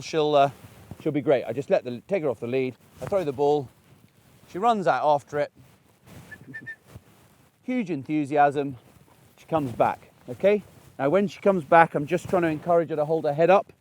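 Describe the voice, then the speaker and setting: A man's voice: mid-range voice, darkish tone. A man, a dog trainer, chatting and explaining as he demonstrates puppy training outdoors, with frequent restarts. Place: outdoors in a paddock.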